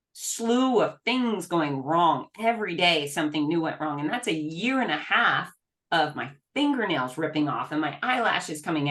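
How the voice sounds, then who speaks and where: A middle-aged woman speaking as an interview guest, earnest and emphatic with frequent quick restarts. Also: on the low side, a bit bright. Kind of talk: candid interview talk.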